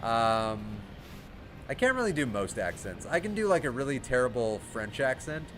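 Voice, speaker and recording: American man, chatty gaming streamer, mid-pitched, laughs easily. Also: big pitch swings, normal speed, a bit bright, a little hiss or hum. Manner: chatty, self-deprecating, laughs often. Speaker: gaming livestreamer. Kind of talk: casual gameplay commentary.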